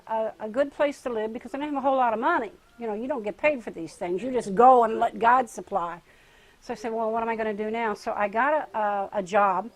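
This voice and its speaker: Speaking in a higher voice over poor audio, an older woman on a retreat recounts her life in a relaxed interview. She laughs a lot and acts out the voices of the people she quotes.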